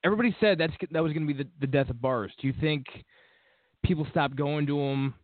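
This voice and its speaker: A man's voice: on the high side, quick pace, no room sound. Brief: blunt, profane male radio host, tinny lo-fi sound, dry. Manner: blunt, profane, reads call-in details. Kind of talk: casual talk radio banter.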